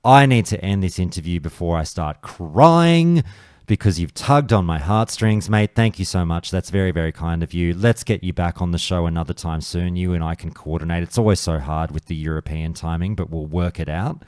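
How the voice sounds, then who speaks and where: A man's voice: sits low, moderate pace, smooth, no echo. A man hosting a podcast interview, chatty and friendly, often calling his guest "mate". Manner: warm, chatty, says "mate" a lot. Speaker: podcast host. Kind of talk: casual interview chat. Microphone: streaming mic.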